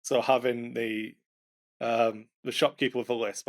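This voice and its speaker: Man, podcast co-host, casual gaming chat, mid pitch, chatty, self-mocking. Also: little pitch movement, normal speed, creaky. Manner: chatty, self-mocking, many fillers and false starts. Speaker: podcast co-host, game master. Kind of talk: casual chat about running tabletop games.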